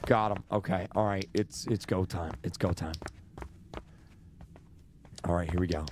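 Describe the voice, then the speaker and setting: A man's voice: sits low, steady tone, unhurried, background noise. A young man streaming a horror game, jittery and repeating himself, losing his voice. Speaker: gaming streamer. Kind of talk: live horror game commentary.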